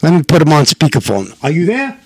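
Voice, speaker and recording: A man with a New York accent hosting a podcast from home, talking loudly, excitably and with plenty of swearing. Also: fairly high pitch, fast talker, crowd noise. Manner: loud, profane and excitable. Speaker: podcast host. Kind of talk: casual podcast chat. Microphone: headphones and mixer.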